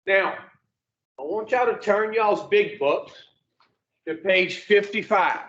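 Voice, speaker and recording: A man's voice: high-pitched, slow, fairly bright tone, a little hiss or hum. A man leading an addiction recovery group, telling a folksy story with mild swearing and calling on listeners. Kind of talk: casual teaching to a recovery group. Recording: echoey room, dull lo-fi sound.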